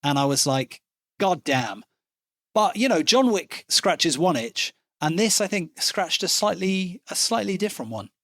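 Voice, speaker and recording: A man hosting a casual film podcast, animated and excitable, swearing now and then. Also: high voice, moderate pace, hardly any pauses, no echo, studio quality. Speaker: podcast host. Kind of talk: casual chat.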